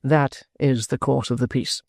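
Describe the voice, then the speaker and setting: A man voicing an earnest young dramatist who speaks in a measured way. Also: medium pitch, fairly even intonation, gravelly, darkish tone, no echo, clean studio sound.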